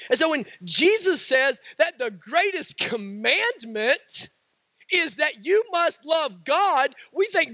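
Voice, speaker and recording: A pastor preaching a sermon, a man who repeats his lines for emphasis and rises to shouts. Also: very high-pitched, sing-song, slow, dry recording.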